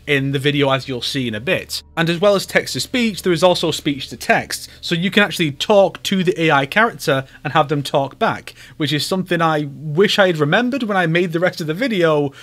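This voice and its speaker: A man's voice: a little high, animated, a little fast, hardly any pauses, fairly bright tone. A man hosting a YouTube video, giving comedic commentary with wry, sarcastic asides. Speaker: YouTuber host.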